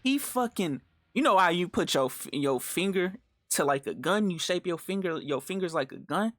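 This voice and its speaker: A young man telling a story in casual, animated street slang, full of fillers and swearing. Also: sits high, moderate pace, dry recording, clean studio sound. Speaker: storytime vlogger.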